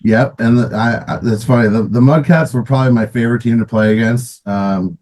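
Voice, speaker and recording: A man's voice: medium pitch, a little fast, darkish tone, poor audio. A middle-aged man, a former pro hockey player, casually telling stories in an interview with many restarts and fillers, often laughing.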